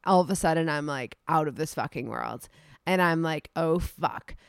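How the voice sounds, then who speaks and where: A young woman co-hosting a casual podcast, her voice on the lower side and smooth. She tells stories in a loose, rambling way, stacking fillers like "like" and "you know." The sound is close and dry. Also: moderate pace, no room sound. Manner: rambling, filler-heavy storytelling with lots of "like". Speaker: podcast co-host. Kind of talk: casual storytelling chat.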